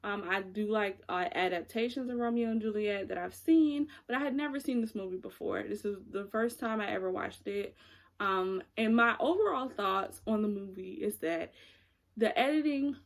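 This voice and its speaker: Young woman vlogger, casual and rambling, mid-pitched, searches for words as she goes. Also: normal speed. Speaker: YouTuber reviewing movies. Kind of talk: casual chat.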